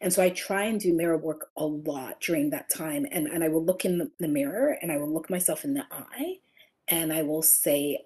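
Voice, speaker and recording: A woman guest on an interview show with a somewhat low voice. She talks in an expressive, storytelling way and sometimes eases into soft, gentle self-affirmations. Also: moderate pace. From England. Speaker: author and guest. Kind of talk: conversational interview.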